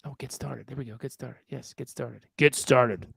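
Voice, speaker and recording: A man's voice: mid-range voice, steady tone, normal speed, gravelly, fairly bright tone, husky, dry recording, studio quality. A man co-hosting a casual livestream chat, flustered and muttering to himself while he fights with his computer. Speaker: co-host.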